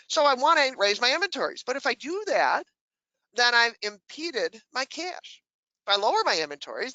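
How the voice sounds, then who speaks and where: A woman's voice: medium pitch, pushed and bright, no room sound, poor audio. A woman giving a webinar presentation who asks the audience questions and answers them herself, with dry humor.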